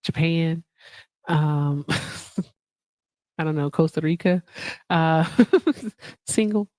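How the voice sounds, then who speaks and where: A chatty woman hosting a live stream, speaking in with a slightly low voice. She reads messages from her chat and gives shout-outs. The sound is dry and close. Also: drawn-out words, no room sound. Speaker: livestream host.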